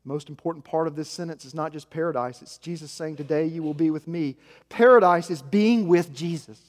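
A man from Arkansas preaching a sermon as pastor, emphatic, swinging from hushed to loud and repeating key lines. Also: a little high, brisk. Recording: long reverb of a large hall.

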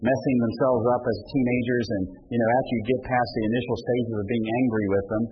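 A male pastor preaching a sermon, impassioned and rising in pitch and volume when he quotes pleading words. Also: steady tone, quick pace, highs cut off, soft background music.

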